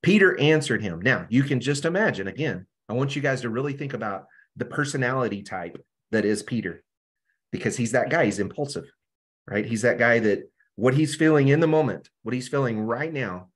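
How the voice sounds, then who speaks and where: A man's voice: mid-range voice, slightly rough. A man teaching a Bible study over a video call. He talks casually and keeps checking in with "right?".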